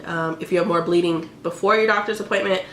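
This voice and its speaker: A woman's voice: fairly low pitch, steady tone, fast, a bit bright. Young woman vlogger, roomy echo. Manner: emotional, tearful at times, many "like" fillers. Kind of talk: casual storytelling vlog. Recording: roomy echo with faint background hiss.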